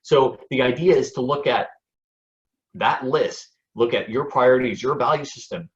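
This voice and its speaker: A man talking in a lively, storytelling way as a guest on a motivational interview show, often repeating a word as he starts a phrase. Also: medium pitch, moderate pace, highs cut off. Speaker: guest speaker and speaking coach.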